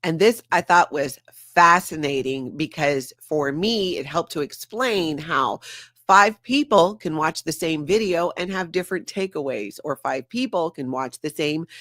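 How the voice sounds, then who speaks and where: A woman's voice: low-pitched, animated, unhurried, fairly bright tone, no echo, studio quality. A woman hosting a casual livestream, bubbly and laughing often as she reads the chat aloud. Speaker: show host.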